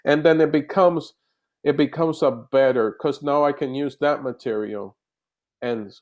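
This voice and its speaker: Comedian guy on a zoom call, animated, keeps restarting sentences. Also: mid-range voice, measured pace, muffled recording. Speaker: comedian guest. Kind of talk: casual interview chat over video call. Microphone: video call.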